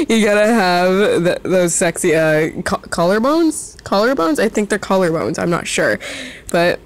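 A teenager giving casual, giggly commentary while drawing, self-mocking and swearing often, often trailing off and starting over. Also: mid-range voice. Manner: rambling, trails off and restarts often. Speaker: drawing vlogger.

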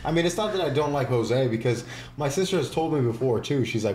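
A man co-hosting a casual podcast, his voice dark and mellow at an ordinary pitch. He talks in a laid-back way, then builds into emphatic riffs. Faint background noise runs under the recording. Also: lively intonation, fast. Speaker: podcast co-host.

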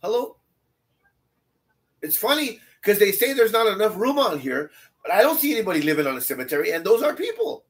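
A high-voiced man with big pitch swings teaches a Bible study a little fast, reading scripture and cutting in with blunt, casual asides. He repeats phrases to stress his points.

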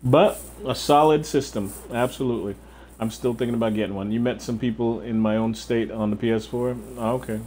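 A man's voice: medium pitch, steady tone, brisk, darkish tone. A young man with a mid-range voice chats loosely while livestreaming a game, swearing freely and answering his viewers. A faint background hiss sits under his home mic. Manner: casual and profane, answering chat. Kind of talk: casual gameplay chat.

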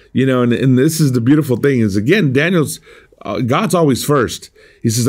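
A man's voice: medium pitch, animated, moderate pace, darkish tone, slightly rough. A man preaching an earnest, conversational sermon, often restarting his phrases as he explains a scripture passage. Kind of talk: streamed sermon.

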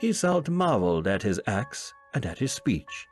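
A man narrating an old tale in a measured, dramatic way. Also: on the low side, sing-song, faint music behind.

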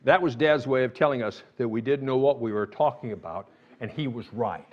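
A man preaching a sermon as pastor, animated and building to emphatic, sarcastic outbursts. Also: mid-range voice, brisk, muffled recording. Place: church sanctuary.

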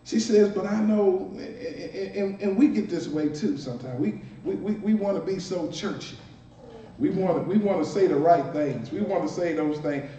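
A man's voice: sits high, moderate pace, warm tone. A male minister preaching a conversational sermon with playful asides and repeated words, accented from Washington D.C. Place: church sanctuary. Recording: distant, roomy, dull church recording with faint hiss.

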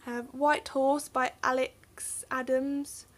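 A woman's voice: high voice, flat delivery, takes it slowly. A young English woman talking casually through her bookcase, rambling and unsure, often trailing off into mumbles. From England. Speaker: book vlogger.

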